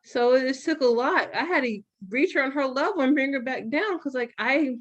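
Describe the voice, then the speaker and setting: A young adult woman hosting a podcast, talking frankly and with some profanity in an animated, storytelling way. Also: high voice, fairly quick, dull audio. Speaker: podcast host. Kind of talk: candid podcast conversation.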